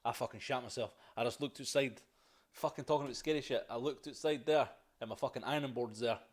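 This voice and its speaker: A man in a casual podcast chat, excitable and swearing heavily, often saying "aye" and "like". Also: medium pitch, quick pace, breathy edge.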